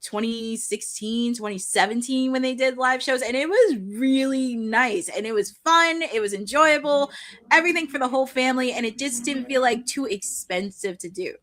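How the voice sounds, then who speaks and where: A woman co-hosting a wrestling podcast, chatting casually and rambling with quick self-corrections. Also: sits high, a bit bright. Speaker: podcast co-host. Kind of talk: casual chat.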